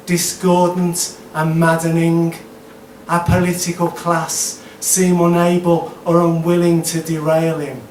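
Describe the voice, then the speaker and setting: Guy doing slow sardonic poetry live, slightly high voice, echoey room, far mic, faint room noise. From Birmingham, England. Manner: slow, deliberate, sardonic delivery with hesitant asides between poems. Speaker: performance poet. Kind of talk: spoken word poetry performance. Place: live performance venue, indoors.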